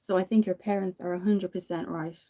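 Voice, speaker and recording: A woman's voice: fairly low pitch, steady tone, a little fast, mellow. An Irish woman in her thirties chatting casually while doing her makeup, telling stories and laughing often. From Ireland. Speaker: makeup vlogger.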